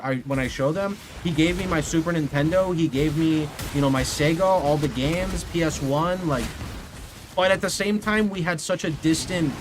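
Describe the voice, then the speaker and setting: A man streaming live, telling rambling stories and chatting with his viewers in a loose, self-correcting way. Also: fairly high pitch. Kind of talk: casual livestream chat, answering chat. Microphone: studio condenser mic. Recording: steady background noise. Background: steady noise.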